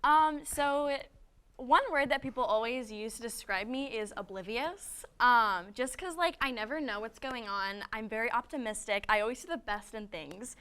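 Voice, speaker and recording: Young woman, bright crisp voice, chatty and self-mocking. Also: fairly high pitch, normal speed. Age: young adult. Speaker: student panelist. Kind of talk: casual storytelling.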